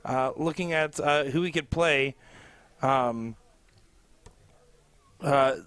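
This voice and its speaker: A man's voice: medium pitch, slow, a bit bright, clean tone, no room sound. A male color commentator in a commentary booth at a live darts match, chatty and jokey, rambling with lots of fillers.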